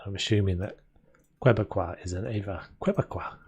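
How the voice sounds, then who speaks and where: Chatty and rambling, a young man streams a renovation game, talking to his viewers and laughing often in casual gameplay commentary. He speaks at normal speed in a medium-pitched, expressive and slightly mellow voice, while faint game music plays in the background.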